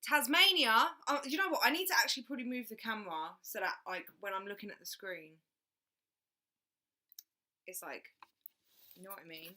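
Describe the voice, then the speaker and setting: A woman's voice: medium pitch, expressive, fairly quick, pauses often, pushed and bright. A woman chatting casually on a livestream, reading out viewer comments and laughing often. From England. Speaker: livestream host.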